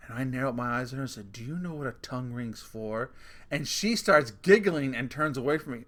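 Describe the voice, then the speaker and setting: A man's voice: mid-range voice, brisk, a bit bright. A middle-aged man telling family stories in a casual rant, swearing freely and laughing at his own punchlines. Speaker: vlogger.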